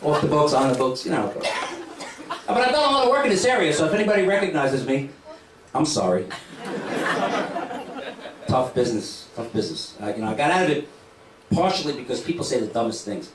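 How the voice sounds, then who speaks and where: A man's voice: mid-range voice, big pitch swings. Brash middle-aged man doing stand-up. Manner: brash, punchy delivery with quick asides to the crowd. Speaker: stand-up comedian. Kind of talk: stand-up comedy set. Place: comedy club stage. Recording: echoey club room, distant mic, crowd noise. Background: audience laughter.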